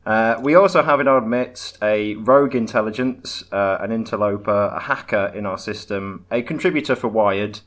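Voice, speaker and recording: Man, podcast host, playful, jokey, low voice. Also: normal speed, few pauses, fairly bright tone. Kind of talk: casual chat.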